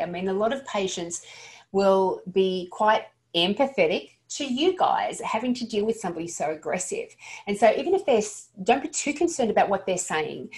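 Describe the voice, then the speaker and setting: A woman's voice: medium pitch, darkish tone. A woman with a mid-range voice gives staff a practical lesson on handling upset patients. She talks earnestly and plainly, often catching herself and restarting a phrase. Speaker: dental practice trainer. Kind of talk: instructional talk to dental staff.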